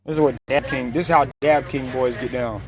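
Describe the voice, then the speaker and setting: A man's voice: mid-range voice, fairly even intonation, a little fast, a little hiss or hum. A man giving blunt, slangy, mocking reaction commentary over a video clip.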